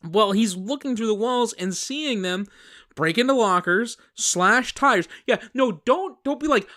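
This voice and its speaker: Male podcast co-host, casual and animated, slightly high, dry booth sound. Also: a little slow, no echo. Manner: animated, jokey recaps with sudden pitch jumps. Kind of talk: casual movie-review chat.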